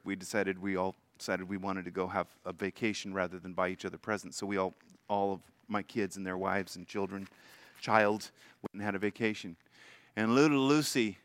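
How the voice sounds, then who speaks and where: Older guy preaching, punchy forceful voice, loud bursts then goes soft, dry sound. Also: fairly low pitch, clear, resonant tone, no room sound. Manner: emphatic, swings from loud lifts to soft drops. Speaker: guest preacher. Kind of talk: sermon.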